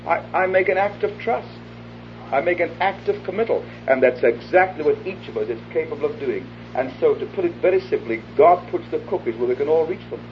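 A man preaching an evangelistic sermon, earnest, acting out little dialogues and dropping to an intimate hush for his appeal. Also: on the high side, animated, a little fast. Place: hall before a live audience. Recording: dull lo-fi archive tape with faint hiss.

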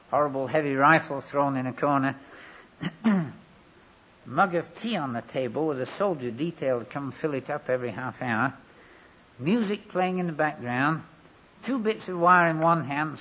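A preacher with a husky, breathy voice that sits fairly high for a man. He delivers his sermon with a wry, anecdotal humour, and the recording sounds dull and lo-fi. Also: fairly bright tone. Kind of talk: sermon with storytelling.

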